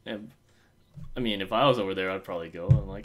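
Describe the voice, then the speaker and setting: A man's voice: on the low side, fast talker, pauses often, a little hiss or hum. Chatty man co-hosting a fan podcast. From Osaka. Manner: rambling, chatty, many fillers and restarts. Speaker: podcast co-host. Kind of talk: casual fan podcast chat.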